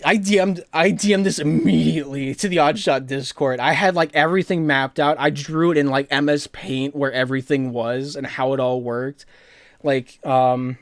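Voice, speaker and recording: A young man casually telling a rambling story on a live stream, excitable, restarting his sentences and filling them with "like". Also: mid-range voice, no echo, studio quality. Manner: excitable and rambling, frequent "like" fillers and restarts, laughs as he talks. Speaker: esports broadcast personality.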